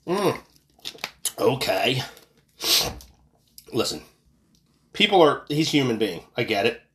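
A fired-up American man in his thirties rants on his own podcast, swearing freely and repeating himself when he gets heated. His pitch swings widely, leaping up for sarcastic jabs and dropping low for grumbled asides. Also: big pitch swings, slow, fairly bright tone. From United States. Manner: profane, angry, ranting with sarcastic outbursts. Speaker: podcast host. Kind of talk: casual political rant.

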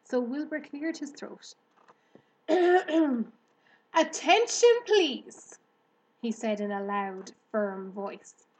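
Lady reading a kids' book out loud, kinda husky, takes her time. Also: medium pitch, unhurried, rough recording. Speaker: reader. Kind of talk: reading a children's novel aloud.

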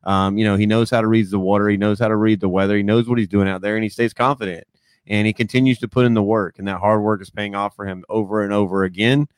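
A young man with a lowish, smooth voice hosts a casual podcast. He talks in a laid-back way, stumbles and repeats words, and calls his listeners dude. The sound is dry and close. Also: dry recording. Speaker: podcast host.

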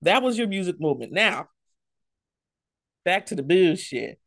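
Lively, animated woman podcast host. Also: on the low side, a little slow, gravelly, no room sound, studio quality. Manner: loud laughs, animated and joking. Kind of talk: casual chat.

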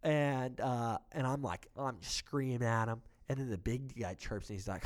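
Animated storytelling man, swearing freely. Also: medium pitch, moderate pace, hardly any pauses. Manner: animated, swearing, acts out quotes of others. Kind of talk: casual storytelling chat.

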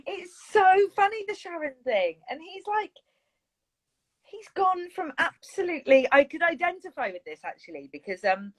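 A woman's voice: very high voice, big pitch swings, normal speed, fairly bright tone. A woman co-hosting a podcast in casual, rambling, self-mocking chat. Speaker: podcast co-host.

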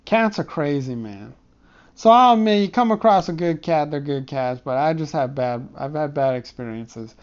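Man in a dark room doing a loose comic monologue. Smooth voice, rambling and profane, slightly muffled audio. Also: a little high, lively intonation, moderate pace. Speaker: comedic storyteller.

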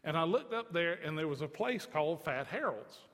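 A man preaching a sermon in a folksy, joking way, swinging from soft to emphatic. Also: on the high side, big pitch swings, a little fast, long reverb tail. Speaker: pastor.

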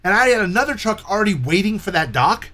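A man telling a story in casual chat, animated and profane, acting out the people in it. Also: sits high, fast. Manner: profane, animated retelling with quoted dialogue.

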